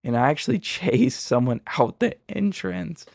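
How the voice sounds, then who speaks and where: A young man casually retelling a story in an excitable, slangy way. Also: on the high side, normal speed, creaky, no room sound, clean studio sound.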